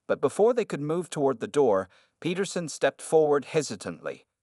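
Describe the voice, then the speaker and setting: A man narrating a scripted story in a steady, even delivery. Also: on the high side, moderate pace, dry recording, clean studio sound.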